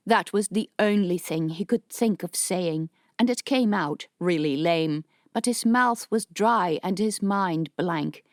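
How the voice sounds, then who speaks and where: A woman narrating an audiobook in a steady, measured reading voice. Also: lowish voice, no room sound, clean studio sound. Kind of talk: scripted narration.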